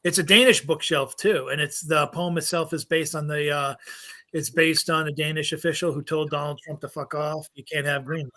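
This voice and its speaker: A man with a bright, forceful voice, pitched a little higher than most men. He co-hosts a casual podcast, joking and rambling, often restarting his sentences. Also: steady tone, moderate pace. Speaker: podcast co-host. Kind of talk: casual chat.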